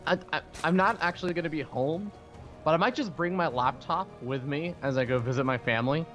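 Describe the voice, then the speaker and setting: A man co-casting a live esports match in an animated, bantering way. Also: a little high, a little fast, faint music behind. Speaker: esports co-caster.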